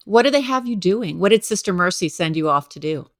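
Low-voiced woman interview host. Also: expressive, a little fast, no room sound.

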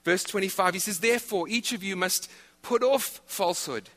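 A male pastor preaching a sermon, animated, repeating his key phrases. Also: high voice, normal speed, in a large hall. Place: church hall.

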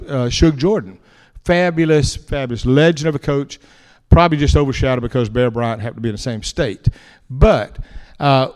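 A man, preaching in a folksy, anecdotal way to an audience. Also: medium pitch. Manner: folksy and animated, tells anecdotes with chuckles and repeated words. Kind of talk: folksy storytelling talk to an audience. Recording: long hall reverb.

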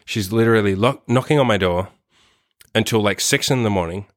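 A man's voice: lowish voice, a little fast, no room sound, studio quality. A man telling a personal story in a rambling, casual way, swearing often and filling his speech with "like" and "right?". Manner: rambling, profane, heavy use of "like" and "right?".

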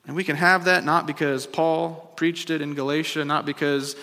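A male pastor preaches in a fairly high, bright and forceful voice. He swings between emphatic repeated refrains and easy, chatty asides to his listeners. His words ring out with the long reverb of a large sanctuary. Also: fairly even intonation, moderate pace. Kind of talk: sermon. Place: church sanctuary.

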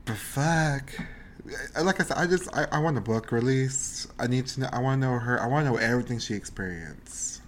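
Brief: excitable, foul-mouthed male co-host with a very lively, swinging pitch and a little background noise. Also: fast, hardly any pauses. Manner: excitable, swears a lot, laughs often. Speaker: podcast co-host. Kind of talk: casual chat.

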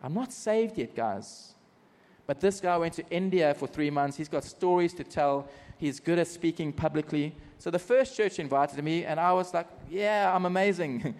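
South African preacher, high voice for a man, lively self-mocking storyteller, long hall reverb. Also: moderate pace. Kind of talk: personal testimony sermon. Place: church service.

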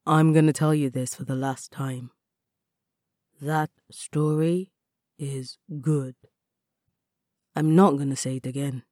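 A woman's voice: deep voice, steady tone, slow, pauses often, dark tone, no room sound, clean studio sound. A woman voicing a playful, laid-back young male artist friend in a read story. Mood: teasing. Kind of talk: storybook reading.

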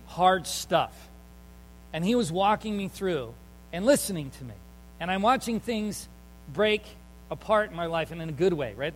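A man's voice: high voice, in a large hall, rough recording. A male pastor preaching a sermon in an earnest, conversational storytelling way, with fillers and emphatic turns.

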